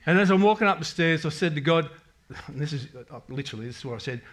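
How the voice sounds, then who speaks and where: A man's voice: fairly high pitch, expressive, fast talker, hardly any pauses. Candid man telling his faith story. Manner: rambling, candid storytelling with many restarts and self-quotes. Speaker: parish member giving a testimony. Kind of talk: personal faith testimony to a congregation.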